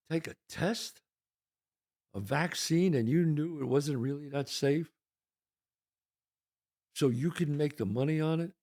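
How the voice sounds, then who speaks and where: A man's voice: mid-range voice, a little mellow. An older American man hosting his own show, delivering a heated, profane solo rant full of rhetorical questions. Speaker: podcast host.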